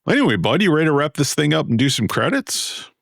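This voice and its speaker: A man co-hosting a podcast, bantering with quick interjections and playful questions. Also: fairly high pitch, big pitch swings, gravelly, no echo, studio quality. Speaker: podcast co-host. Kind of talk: casual chat.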